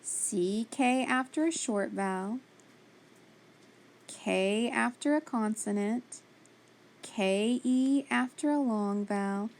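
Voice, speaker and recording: A woman's voice: mid-range voice, creaky, darkish tone. A woman teaching a phonics spelling lesson, patiently sounding out letters and praising each answer.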